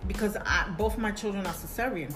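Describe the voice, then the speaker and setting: A woman in her forties shares a personal story as a podcast guest, animated and quick to act out what others said. Music plays clearly beneath her voice, and her pitch sits in a middle range. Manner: animated, acts out quoted voices, laughs often. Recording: music playing underneath.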